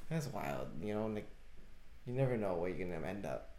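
A man's voice: deep voice, big pitch swings, a little fast, warm tone, reverberant. A young man in casual chat, reacting with short comments and laid-back remarks.

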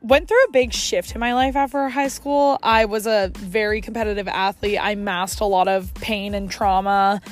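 Sitting in her car, a young vlogger tells a story to her phone in a chatty, fast way, saying "like" constantly. Her voice is medium-pitched and steady, with soft music in the background.

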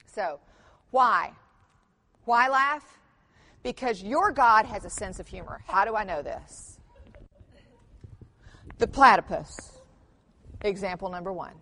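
A middle-aged woman giving a conference workshop talk, telling family stories with humor and lively emphasis. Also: mid-range voice, slow, pauses often. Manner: animated storytelling with humor, mixes in quoted voices. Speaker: conference speaker.

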